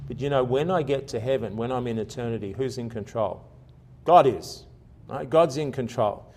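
A male pastor delivering a sermon in an earnest, conversational tone. His voice sits at an ordinary middle pitch, climbing and growing louder for emphasis, then dropping soft and low in reflective moments. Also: moderate pace.

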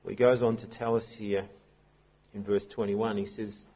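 A man's voice: lowish voice, little pitch movement, moderate pace, mellow. A man preaching a sermon as pastor, telling a story in a conversational way with frequent restarts.

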